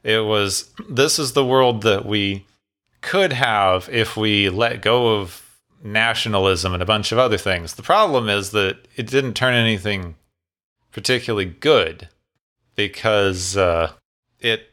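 A man with a low, bright, forceful voice argues his points in a relaxed chat. He sounds emphatic and opinionated and tosses off blunt asides. The delivery is loose and conversational. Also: unhurried. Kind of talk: casual discussion.

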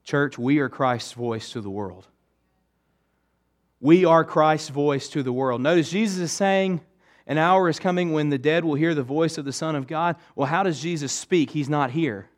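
A male pastor preaching a sermon to his church, emphatic, swinging between raised urgency and hushed intensity. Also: on the high side, moderate pace.

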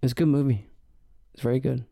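A man's voice: medium pitch, steady tone, fast, gravelly, dark tone. A man hosting a podcast, chatting casually and telling rambling, joking stories. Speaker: podcast host. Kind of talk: casual chat. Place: podcast studio.

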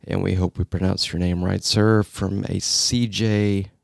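A man's voice: low voice, flat delivery, a little slow, creaky, no room sound, studio quality. A man co-hosting a podcast in casual chat, jokey and rambling, laughing often as he reads a listener's message. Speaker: podcast co-host.

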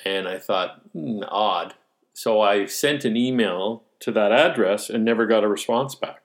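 A low-pitched man chats easily with an old friend, trailing off and restarting as he recalls past days. His storytelling is loose and unhurried, full of "uh" and "you know". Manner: rambling reminiscing, frequent restarts and fillers. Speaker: interviewer. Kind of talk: casual conversation.

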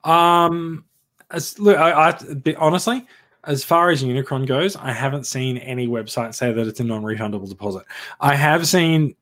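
Male podcast co-host, mid pitch, chatty explainer, restarts sentences. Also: moderate pace, a bit bright. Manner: explains at length with restarts, says "look" often. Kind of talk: casual chat.

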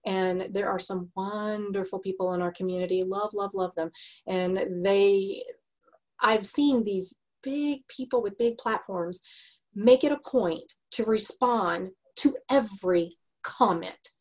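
A woman's voice: mid-range voice, unhurried. A woman with a Texas accent hosting a podcast, talking earnestly in a casual chat. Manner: earnest and warm-hearted, frequent laughs and restarts. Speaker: podcast host.

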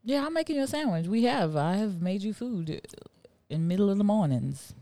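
A woman's voice: mid-range voice, lively intonation, fairly quick, warm tone, no echo. A woman co-hosting a podcast, chatting casually with teasing, laughing interjections. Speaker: podcast co-host. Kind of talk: casual banter.

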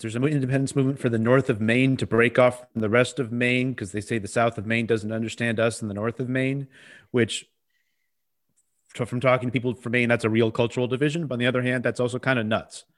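A man's voice: medium pitch, fairly even intonation, fast. A man co-hosting a podcast, talking in a loose, conversational way with fillers and asides. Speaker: podcast co-host. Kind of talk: casual discussion.

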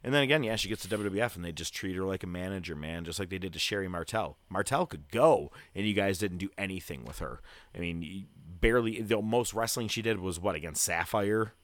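A man with a very low voice talks in a loose, rambling way, heavy on fillers. He speaks close to the mic in a dry, dead room. He sounds like a podcast host chatting casually. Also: brisk, dry recording. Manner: grows loud and hyped toward a segment tease. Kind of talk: casual chat.

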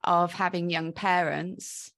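A woman's voice: on the low side, flat delivery, slow pace, a bit bright. A woman in her forties with a blended Welsh and Australian accent, telling her life story as an interview guest, reflective and full of ums. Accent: mixed Welsh and Australian. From South Wales. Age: 40s. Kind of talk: casual interview chat.

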